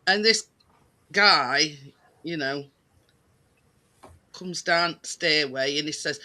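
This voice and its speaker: A man retelling stories in a casual chat, rambling and halting with many fillers. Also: a little high, sharp tone. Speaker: participant in a group chat.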